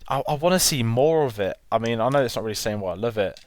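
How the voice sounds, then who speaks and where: A man's voice: medium pitch, expressive, fast. A man co-hosting a film podcast, chatting enthusiastically and rambling with restarts. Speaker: podcast co-host. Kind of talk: casual film chat.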